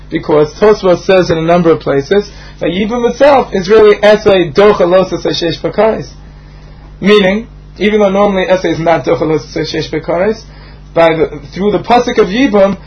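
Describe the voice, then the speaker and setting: A man's voice: sits high, highs cut off. Man giving a lecture. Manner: explanatory, rhythmic lecturing with frequent fillers. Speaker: Talmud teacher. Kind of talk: Talmud lecture.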